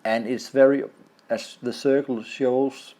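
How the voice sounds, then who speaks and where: A man from Denmark with a Danish accent, a native Danish speaker, explaining a language lesson over slides and pausing often to find his words. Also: mid-range voice, little pitch movement, dark tone. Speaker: language teacher.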